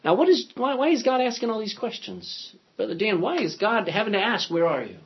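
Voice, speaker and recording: A man's voice: sits high, big pitch swings, brisk, slightly rough. A man teaching a Bible study class, reading scripture aloud and putting questions to his listeners. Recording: dull lo-fi sound.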